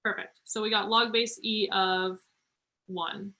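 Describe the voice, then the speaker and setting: Bright-voiced woman tutoring math. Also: medium pitch, little pitch movement, low-quality recording. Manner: encouraging, talks through steps slowly. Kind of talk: online tutoring session.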